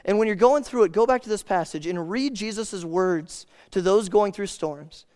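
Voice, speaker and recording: High-voiced casual male preacher. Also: a little mellow. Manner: casual and conversational, addresses listeners as "man" and "guys"; reads scripture aloud slowly. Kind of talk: sermon.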